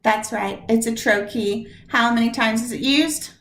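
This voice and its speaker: A woman's voice: fairly high pitch, normal speed, fairly bright tone. A woman teacher giving a recorded poetry lesson, stretching out words and syllables to show where the stress falls. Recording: echoey room.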